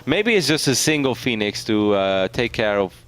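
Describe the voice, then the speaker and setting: A man casting a live esports match, chatty and quick to laugh, telling anecdotes to his co-caster. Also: mid-range voice, big pitch swings, a bit bright, smooth.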